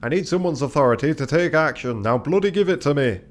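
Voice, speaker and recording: A man's voice: a little high, lively intonation, fast, voice pushed up, close to an everyday voice. A man voicing a brash, angry male ship engineer who swears and barks orders. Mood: impatient. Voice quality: loud and gruff, swearing.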